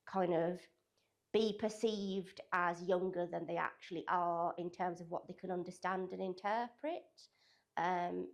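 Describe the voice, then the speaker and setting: A woman's voice: mid-range voice, a little mellow. A young woman working as a digital communications apprentice at a college, answering interview questions in a loose, hedging way full of "kind of" and "sort of".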